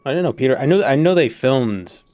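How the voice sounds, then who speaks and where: A man's voice: mid-range voice, animated, a little fast, a little mellow, soft background music. A man casually chatting and musing while streaming a game, often trailing off mid-sentence. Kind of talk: casual gaming stream chat.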